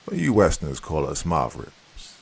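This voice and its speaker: A man voicing a menacing, suave male creature who speaks slowly in a deep, measured voice. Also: wildly swooping pitch, creaky, darkish tone, slightly rough, heavily acted. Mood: cold, smug. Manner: slow, low, measured delivery.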